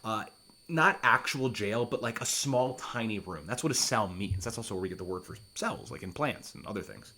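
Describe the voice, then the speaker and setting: A man's voice: fairly low pitch, animated, normal speed, sharp tone. A man teaching a class, reading verse aloud and then explaining it in a casual, patient way. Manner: reads verse aloud then paraphrases it, with fillers.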